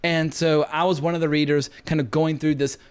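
A man hosting a podcast, chatting about films in a rapid, excitable rant and laughing often. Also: on the high side, smooth. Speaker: podcast host. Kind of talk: casual film discussion.

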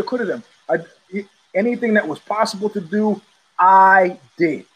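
Husky, sardonic male show host. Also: high-pitched, a bit bright, muffled recording. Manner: blunt, sardonic, rambling with restarts. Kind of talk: casual solo commentary.

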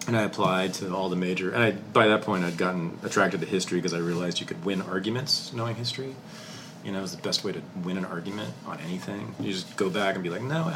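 A middle-aged man, a historian, telling his life story in a casual interview, candid and animated, swearing casually. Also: sits low, background noise.

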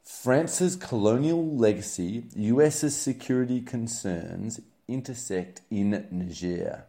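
A man's voice: mid-range voice, slow, dark tone. A man casually running through the week's news headlines, wry and sarcastic, with many ums and uhs. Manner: wry, sarcastic, filler-heavy rambling. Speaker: news commentary host. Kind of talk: casual spoken news roundup.

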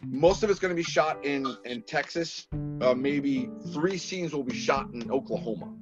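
Chatty man telling animated stories. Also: fairly high pitch, moderate pace. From Massachusetts. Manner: animated storyteller, laughs often. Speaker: filmmaker guest. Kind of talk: casual podcast chat. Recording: slightly dull lo-fi audio with faint music.

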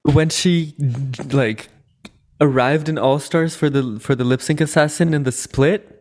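A podcast co-host in relaxed casual chat, talking slowly. The pitch sits mid-range, and the talk wanders with fillers and easy laughter. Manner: laughs often, meandering with fillers.

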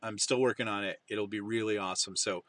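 Bright-voiced man telling rambling stories. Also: fairly low pitch, steady tone, fast. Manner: rambling anecdotal storytelling with many fillers. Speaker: podcast host. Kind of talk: casual chat.

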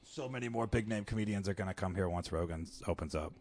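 A man's voice: deep voice, fast talker, a little mellow, a little hiss or hum. A man, a stand-up comic guest on a podcast, talking in a laid-back, casual way with lots of fillers. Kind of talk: casual chat.

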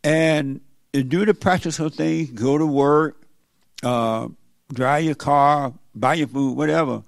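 Gravelly plain-spoken preacher man. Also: fairly high pitch, takes it slowly, no room sound. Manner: plain-spoken, folksy, scolding. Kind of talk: informal sermon.

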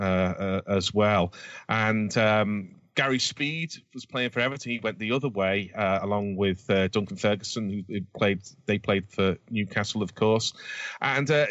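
A low-voiced man chats about old football matches, wandering through his points with plenty of ums and restarts. The recording is dry and a little dull. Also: a bit bright, dry recording. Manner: rambling, frequent ums and restarts. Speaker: podcast co-host. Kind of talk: casual football chat.

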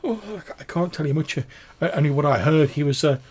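A man's voice: a little high, fast, darkish tone, breathy edge, pitched above the performer's own voice. A man voicing a grieving middle-aged village woman who stammers and fights back tears. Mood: tearful. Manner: stammering, tearful, breathless.

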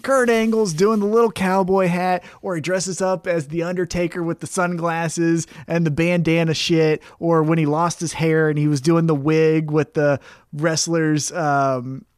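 Man, podcast co-host, high voice, excitable, swears a lot, rambling, dry close sound. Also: measured pace, smooth, dry recording. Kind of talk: casual wrestling chat.

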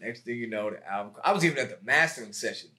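A man, a music producer being interviewed, telling stories in a casual, lively way and acting out other people's lines. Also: medium pitch, very fast. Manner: animated, acts out quotes with raised voice.

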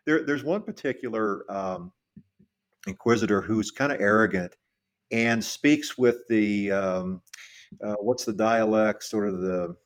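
A middle-aged man co-hosting a podcast, telling a history story in a casual, halting way with many restarts and repeated words. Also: fairly low pitch. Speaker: podcast co-host.

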